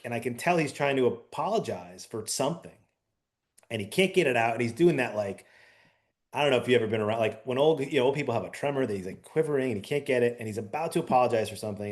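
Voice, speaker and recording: A middle-aged man co-hosting a casual chat, telling a long story in an animated, rambling way with many fillers. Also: mid-range voice. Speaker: podcast co-host.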